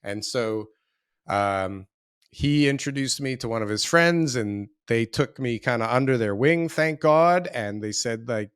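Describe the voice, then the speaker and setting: A man's voice: mid-range voice, lively intonation, unhurried, a bit bright, clear, resonant tone, dry recording, studio quality. A man in his forties, a real estate developer and interview guest, telling his story in a rambling, self-deprecating way with many restarts. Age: 40s.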